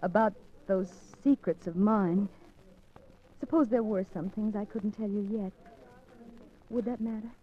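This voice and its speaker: A woman's voice: mid-range voice, a little slow, long pauses, close to an everyday voice. A woman playing a determined young woman who secretly baits a suspected killer, in 1940s radio acting, breathless and stammering. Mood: tender. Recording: dull lo-fi old radio recording, faint music.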